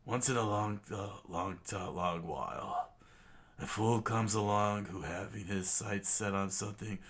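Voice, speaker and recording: A man doing a gruff old head chef. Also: fairly low pitch, a little slow, a bit bright, full character voice. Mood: thoughtful.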